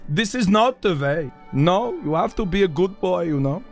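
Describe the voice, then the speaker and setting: A man's voice: high-pitched, expressive, normal speed, creaky, soft background music. A man voicing a furious German man with a mock German accent who scolds a crowd in a barking, lecturing way. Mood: angry scolding.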